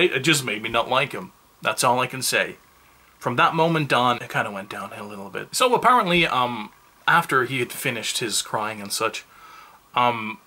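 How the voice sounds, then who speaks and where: A man's voice: mid-range voice, bright, forceful tone. A man giving a casual, rambling movie review, full of self-mocking asides.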